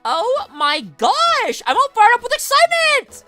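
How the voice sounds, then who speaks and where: An excitable flower girl squeals and gushes in a very high, bright, sing-song voice, as a man puts her on. She drags her words out slowly. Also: faint music behind, heavily acted. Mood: gushing. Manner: squealing, gushing. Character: excitable girly flower creature. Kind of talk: voicing game dialogue.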